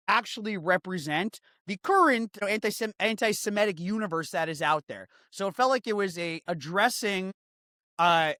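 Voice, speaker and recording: A man hosting a comedic news podcast, sarcastic and animated, switching between loud outbursts and quick offhand asides. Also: fairly high pitch, no room sound, clean studio sound. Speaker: podcast host.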